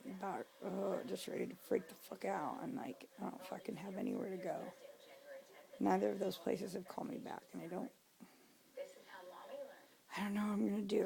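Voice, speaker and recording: A woman's voice: on the low side, vocal fry, mellow, low-quality recording. A young woman venting in a casual vlog, drunk, swearing a lot and dropping to a whisper now and then, recorded indoors at home. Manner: venting, profane, drops to a whisper. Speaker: vlogger.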